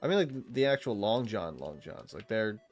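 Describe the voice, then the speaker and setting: A man's voice: fairly low pitch, very animated, normal speed, muffled recording, over music. A man live-streaming a game, chatting casually with viewers in a rambling, self-interrupting way, laughing often and swearing freely. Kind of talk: casual chat with viewers while gaming.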